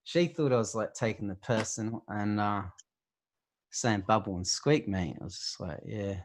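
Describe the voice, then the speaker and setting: A man's voice: fairly low pitch, normal speed. A man with a New Zealand accent, hosting a stream and chatting casually in a laid-back, rambling way full of fillers. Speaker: stream host. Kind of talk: casual chat.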